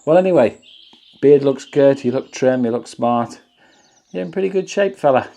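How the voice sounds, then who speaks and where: A man's voice: medium pitch, expressive, normal speed, creaky, mellow. Chatty man vlogging from his camp. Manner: chatty, jokey, enthusiastic. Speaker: camping vlogger. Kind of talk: casual vlog chat. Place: outdoors at a back-garden camp. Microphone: phone camera.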